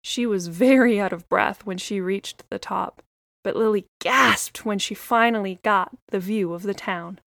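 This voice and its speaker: Slow, gentle woman storyteller. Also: mid-range voice, gravelly, no echo. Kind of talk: children's story narration.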